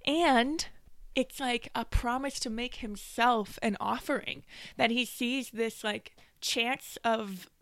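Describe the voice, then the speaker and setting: A young woman co-hosts a casual faith chat, animated and quick to laugh. Her voice sits a little high and sounds bright and forceful. The sound is dry and close. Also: no room sound. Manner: animated, laughs often, retells with mimicking voices. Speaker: podcast co-host.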